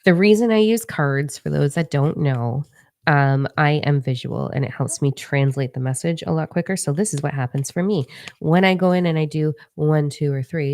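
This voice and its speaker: A young woman with a low, gravelly voice chats through a spiritual card-reading livestream. She is blunt and profane, talks straight to her viewers, and stays animated. The sound is close and dry, with a mellow, dark tone. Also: no room sound. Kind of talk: casual livestream chat, tarot-style reading.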